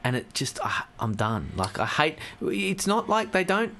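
An Australian man with a lively, swinging voice chats about football on a casual podcast. He laughs often and swears without holding back. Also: on the high side, a little slow, crowd noise. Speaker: podcast co-host. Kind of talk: casual sports chat.

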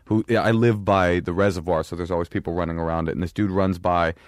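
A man co-hosting a podcast, casually telling animated, profane anecdotes and acting out the dialogue. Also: sits low, fast, dry recording, clean studio sound. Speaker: podcast co-host. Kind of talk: casual chat, storytelling.

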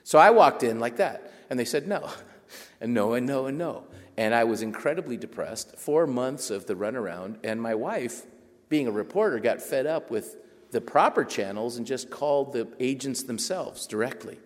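A man, an author, telling an animated, self-mocking story to a live audience and acting out the other voices, recorded in an echoey hall. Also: mid-range voice, moderate pace. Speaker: author giving a talk.

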